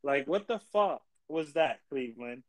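A young man co-hosting a casual sports podcast, ranting in exasperation and swearing constantly, his pitch jumping high when he gets worked up. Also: animated, normal speed, poor audio. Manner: profane, exasperated ranting with big pitch jumps. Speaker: podcast co-host.

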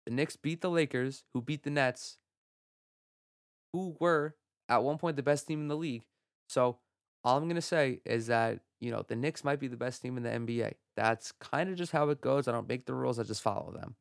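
Gravelly profane young man ranting. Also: mid-range voice, normal speed, no echo, clean studio sound. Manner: profane, excitable, laughs at own jokes. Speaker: podcast host. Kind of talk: solo sports podcast rant. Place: home room.

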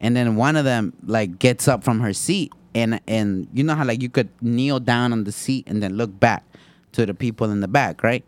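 A man, telling a profane, animated story to friends and acting out the voices. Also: mid-range voice, moderate pace, dry recording. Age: 20s. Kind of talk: casual chat.

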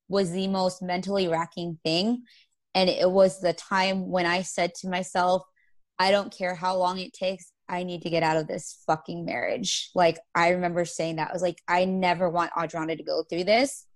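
Woman, lowish voice, emotional, halting, many fillers, interview guest. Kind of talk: personal testimony interview.

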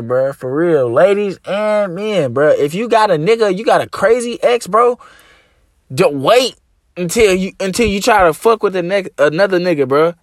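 A man's voice: sits high, no room sound, studio quality. Slangy young man telling a story. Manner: slangy, animated, acts out phone dialogue. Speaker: podcast host. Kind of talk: casual storytelling monologue.

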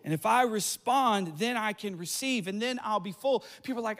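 A pastor preaching with a strikingly high voice for a man. He is middle-aged and tells his stories with quick asides and animated energy. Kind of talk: sermon.

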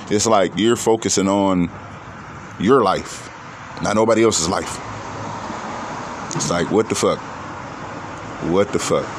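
Profane rambling man, low voice. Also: slight background noise. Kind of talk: casual monologue.

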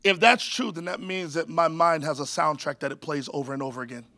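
A man preaching a sermon with high energy, calling out to the congregation to repeat after him and cracking jokes along the way. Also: fairly even intonation, fairly quick, pushed and bright, no echo. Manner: jokey asides to the crowd. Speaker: pastor.

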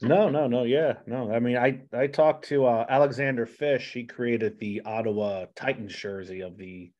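A man's voice: mid-range voice, normal speed, darkish tone, muffled recording. A man hosting a podcast interview, chatting casually with lots of restarts and asides. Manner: rambling, many restarts and asides. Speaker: podcast host.

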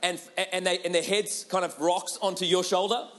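High-voiced man preaching with humor. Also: moderate pace. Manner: animated, laughing, repeats a rhetorical refrain. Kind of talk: humorous sermon storytelling.

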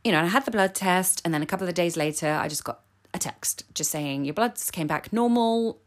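Podcast host, woman in her 40s, slightly low voice, candid confessional chat. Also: fast talker. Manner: chatty, candid, openly emotional. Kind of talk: casual solo podcast talk.

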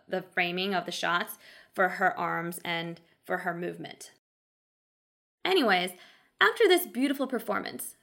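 A woman's voice: a little high, pushed and bright. A woman recapping a historical drama episode in a casual narrated style, with wry, sarcastic asides.

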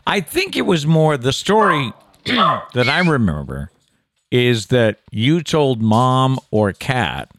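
A man's voice: mid-range voice, very animated, slow pace, fairly bright tone, no room sound. A middle-aged man hosting a casual chat show, making dry, self-mocking quips. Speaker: host.

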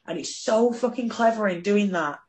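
A woman talking passionately about a film on a podcast, animated and swearing freely. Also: medium pitch, moderate pace. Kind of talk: casual film discussion.

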